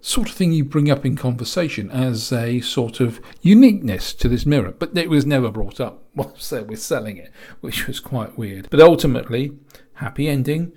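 A man's voice: medium pitch, mellow. Chatty man reviewing a film. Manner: rambling, chatty, with many restarts and asides.

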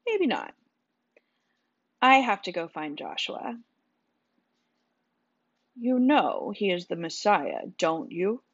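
A woman's voice: on the low side, huge pitch swings, slow, pauses often, no echo, exaggerated voice. A woman voicing a gloomy young teen boy who talks in a snappy, bitter, sarcastic way. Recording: dull, dry sound.

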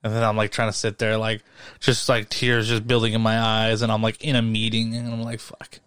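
A young man co-hosting a casual podcast, rambling and swearing freely as he retells stories with animated asides. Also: on the low side, a little fast, smooth, no echo, clean studio sound. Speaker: podcast co-host. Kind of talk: casual chat.

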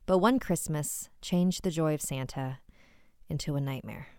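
Brief: woman podcast host, measured scripted narration, low voice, dry close sound. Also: a little mellow, dry recording. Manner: measured first-person storytelling.

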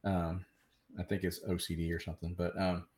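A man with a somewhat low voice chatting on a live stream. He talks haltingly, restarting his sentences and padding them with fillers. It sounds like casual talk among friends. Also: little pitch movement, darkish tone. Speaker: cruise vlogger.

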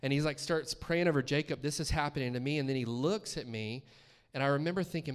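A man's voice: mid-range voice, fast, clear, resonant tone, in a large hall. A man from the States, a guest preacher telling his testimony in a conversational storytelling way, acting out his own reactions. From Columbus, Georgia, US. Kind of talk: testimony sermon. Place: church sanctuary.

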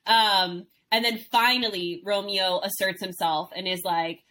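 A woman's voice: mid-range voice, steady tone, unhurried, pushed and bright. A woman co-hosting a podcast in a casual chat, speaking bluntly and emphatically, with the odd swear word. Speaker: podcast co-host. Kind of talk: casual chat recapping a reality show.

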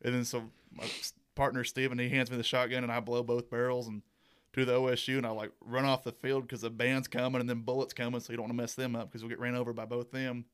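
A man's voice: medium pitch, flat delivery, fast talker, clean tone. A young man, a university mascot performer, chatting as a guest in an easygoing, rambling way. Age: young adult. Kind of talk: casual interview chat.

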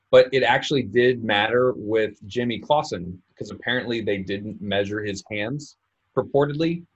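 A man telling anecdotes in an easygoing, casual way on a sports podcast. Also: fairly low pitch. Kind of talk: casual storytelling. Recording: dull lo-fi sound.

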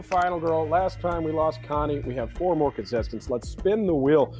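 A man's voice: fairly high pitch, normal speed, music in the background. A man co-hosting a casual comedy podcast, teasing his friend and reading rhyming bits aloud. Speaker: podcast co-host.

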